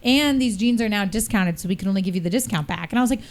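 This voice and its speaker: Animated woman podcast host telling a story. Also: mid-range voice, very fast, hardly any pauses. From New York. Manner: animated, laughs often while telling a story. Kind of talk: casual storytelling chat.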